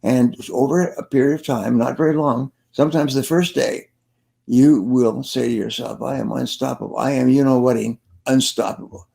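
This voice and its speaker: An older man with a gravelly edge to his voice speaks as a guest in an interview. He sounds earnest, coaching listeners on sales and repeating his key phrases for emphasis, at an ordinary mid-range pitch. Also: steady tone, normal speed, warm tone. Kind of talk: interview, storytelling advice.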